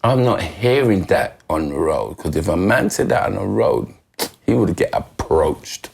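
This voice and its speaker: Gravelly husky man telling a story. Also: deep voice, lively intonation, unhurried. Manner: dramatic retelling, acting out voices and thoughts. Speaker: podcast guest, former footballer. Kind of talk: animated storytelling in casual conversation.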